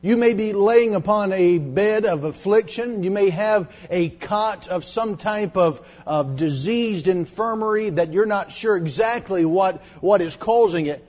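Preacher guy preaching to teens, kinda high voice, goes quiet and dramatic on the stories, muffled old recording. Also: a little slow, few pauses. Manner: dramatic, drops to hushed tones when retelling confessions. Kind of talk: sermon to teenagers. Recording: dull lo-fi sermon recording.

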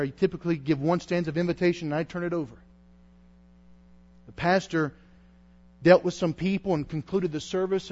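A man preaching an impassioned revival sermon as a traveling evangelist, swinging from quiet storytelling to loud pleading. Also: a little high, muffled recording. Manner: impassioned, rising to shouts.

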